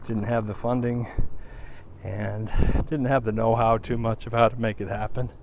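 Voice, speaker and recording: A man's voice: fairly low pitch, little pitch movement, moderate pace, noisy background. A middle-aged man talking to viewers on a walk, out of breath and subdued, with sighs and restarts. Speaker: vlogger. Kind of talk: casual vlog monologue.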